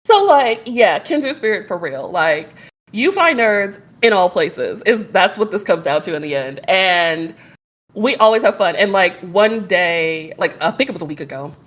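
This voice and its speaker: Animated woman podcast guest, a husky voice that swoops up and down as she spins a story. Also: medium pitch, a little slow. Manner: animated, laughing, acts out quotes. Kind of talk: casual storytelling chat.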